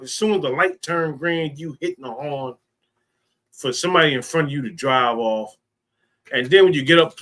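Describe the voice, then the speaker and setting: A man's voice: a little high, fairly bright tone. A man leading an informal teaching talk, speaking emphatically and repeating his key phrases.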